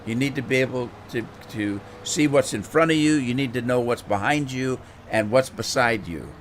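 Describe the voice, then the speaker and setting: A man's voice: mid-range voice, normal speed, slight background noise. A middle-aged man hosting a game livestream, chatting casually and rambling, often repeating words as he thinks. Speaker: gaming livestream host. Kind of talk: casual chat while playing a game.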